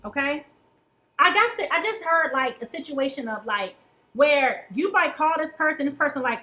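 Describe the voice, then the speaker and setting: A woman gives a casual tarot reading in a bright, sharp voice. She talks in a chatty, colloquial way and often stops to ask "okay?". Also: sits high, brisk, rough recording. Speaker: tarot reader.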